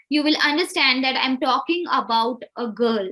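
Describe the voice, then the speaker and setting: A woman soft skills trainer teaching pronunciation in a live online class, speaking deliberately and over-enunciating her examples. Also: high voice, animated.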